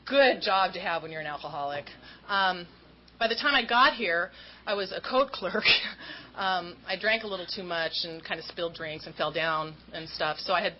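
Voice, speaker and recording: A woman's voice: fairly low pitch, moderate pace. A woman giving a candid, self-mocking talk as an AA speaker about her recovery, acting out the voices of people in her story. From Southern California. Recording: dull lo-fi talk recording with faint noise.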